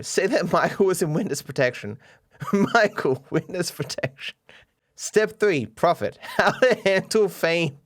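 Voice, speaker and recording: A man's voice: on the high side, a bit bright. A man in his twenties with an Australian accent, casually commenting on fan memes with wry, self-mocking humor and frequent chuckles. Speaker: streamer.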